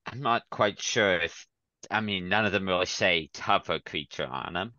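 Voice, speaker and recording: A man's voice: sits low, normal speed, sharp tone, no echo, highs cut off. A man playing a tabletop game, hesitant and asking about the rules. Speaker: player. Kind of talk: casual tabletop play.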